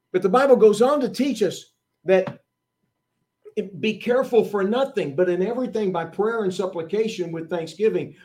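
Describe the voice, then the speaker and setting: Emphatic preacher, slightly high voice. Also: male voice. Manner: emphatic, swings between loud declarations and hushed asides; acts out quoted prayers and questions. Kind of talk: sermon.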